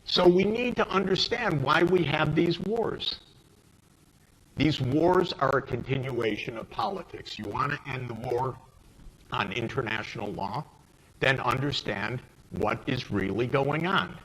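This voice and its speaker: An older American man speaking emphatically and indignantly on a panel, his voice rising to sharp outbursts. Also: mid-range voice, animated, measured pace, husky, low-quality recording. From United States. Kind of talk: impassioned panel speech. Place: forum hall.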